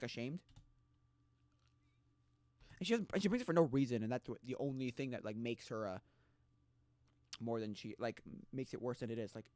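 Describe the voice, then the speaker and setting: A man's voice: medium pitch, no echo. A man in his casual stream chat, rambling and stumbling through restarts in a mid-range voice. He is recorded close and dry, with no room sound around him. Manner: rambling, halting with restarts, mocking quoted voices.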